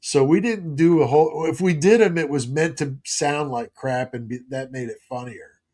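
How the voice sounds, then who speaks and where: A man's voice: a little high, normal speed, darkish tone. A middle-aged man hosting a live stream, chatting casually and rambling as he reads out viewer comments.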